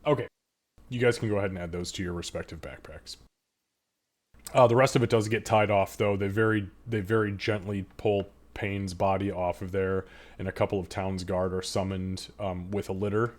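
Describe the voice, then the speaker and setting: A man narrating as game master of a tabletop game, casual and quick. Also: sits low, steady tone.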